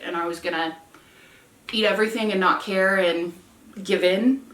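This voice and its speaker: A young woman with a fairly low voice talks candidly about her own life, earnest and self-reflective. She sounds set back from the mic, and her voice rings in an echoey room. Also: steady tone, fairly quick, a bit bright, far from the mic. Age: 20s. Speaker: vlogger. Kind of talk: candid personal vlog chat. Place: room at home with candles lit.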